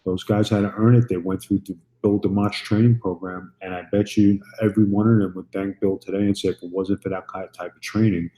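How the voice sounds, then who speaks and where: Deep-voiced man telling war stories. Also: little pitch movement, a little fast, few pauses, dark tone, poor audio. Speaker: guest, retired wrestler. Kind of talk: storytelling interview.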